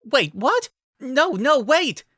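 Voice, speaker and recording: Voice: medium pitch, very animated, measured pace, a bit bright, no room sound, clean studio sound, voice pushed up. A reader voicing an earnest, bookish young woman mage who gets flustered, in a fan audiobook reading.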